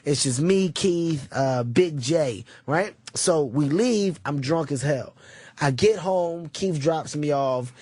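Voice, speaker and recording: A man's voice: on the high side, slow pace, breathy edge, no echo. A man in his thirties, a comedian, telling stories in casual chat and acting out the people in them. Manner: animated, acts out voices in his stories. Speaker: comedian guest.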